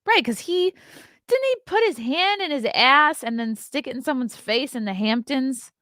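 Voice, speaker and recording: A woman's voice: high voice, animated, moderate pace, fairly bright tone, dry recording, studio quality. Blunt, profane woman chatting on a stream. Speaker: podcast host reading live chat. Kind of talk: casual live-stream chat.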